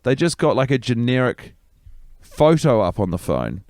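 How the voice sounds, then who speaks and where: A man co-hosting a comedy podcast, recapping a film scene in an animated, exasperated way. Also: medium pitch, moderate pace, no room sound, clean studio sound. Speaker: podcast co-host.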